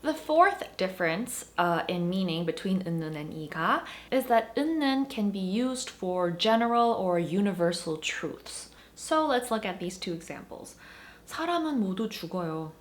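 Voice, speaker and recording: A woman teaching a language grammar lesson, explaining points with animated emphasis. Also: mid-range voice, normal speed, hardly any pauses.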